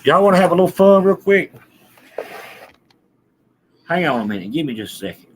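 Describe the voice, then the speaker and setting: A man chatting to his live-stream viewers in an animated, direct way. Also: fairly high pitch, brisk, slight background noise. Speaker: livestreamer addressing viewers. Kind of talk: casual live-stream talk.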